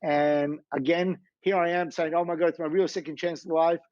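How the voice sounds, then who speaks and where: A man recounts his story as an interview guest, animated and acting out what people said. His voice sits a little high. The recording is dull and lo-fi with a dry, close feel. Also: normal speed, dry recording. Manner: animated, acts out quoted dialogue. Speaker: guest, business founder.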